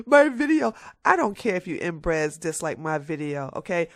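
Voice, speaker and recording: A woman's voice: medium pitch, fairly bright tone, no echo, clean studio sound. A woman giving a ranting political commentary on her vlog, emphatic and mocking, hammering her points home by repeating them.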